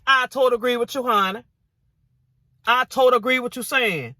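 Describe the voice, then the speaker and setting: A woman's voice: fairly high pitch, a little fast, sharp tone, dry recording, studio quality. A woman vlogger giving indignant reaction commentary on viewer comments, repeating herself and saying y'all often.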